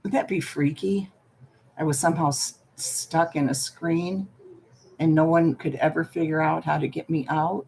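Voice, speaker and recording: Older woman with a gravelly, dark voice. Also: sits low, fairly even intonation, normal speed, slight background noise. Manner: playful, chatty, greets viewers by name. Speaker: livestream host. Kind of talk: casual livestream chat.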